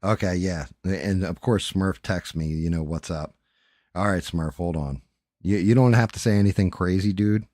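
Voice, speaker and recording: A man's voice: deep voice, normal speed, a little mellow, no room sound, clean studio sound. A man hosting a live stream, chatting casually and rambling to viewers with frequent profanity, into a microphone. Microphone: studio microphone.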